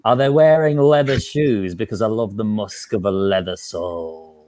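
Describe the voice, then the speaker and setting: A man's voice: lowish voice, moderate pace, mellow, close to an everyday voice. A man playing a creepy caller with a shoe fetish in an improvised comedy radio call. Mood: leering. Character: creepy male caller, self-styled Dutchman with a shoe fetish.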